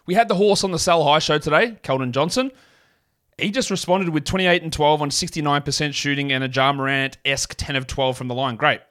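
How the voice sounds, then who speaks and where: A man's voice: on the high side, fairly quick, pushed and bright. Blunt, rambling male podcast host. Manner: blunt, rambling, self-mocking. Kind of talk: casual solo podcast talk.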